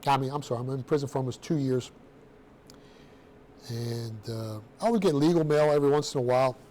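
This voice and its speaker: A man's voice: mid-range voice, brisk. Blunt streetwise man telling his story. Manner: blunt, streetwise, animated storytelling with casual slang. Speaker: seminar speaker telling his own story. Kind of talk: personal storytelling talk to students.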